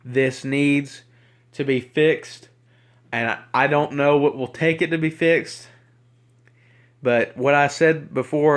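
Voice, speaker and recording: A Southern-accented man rants into a handheld camera, upset and agitated. He rambles and trips over his words, repeating them as he goes. His voice sits at an ordinary middle pitch for a man. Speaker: YouTuber. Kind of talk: ranting to camera. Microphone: handheld camera mic.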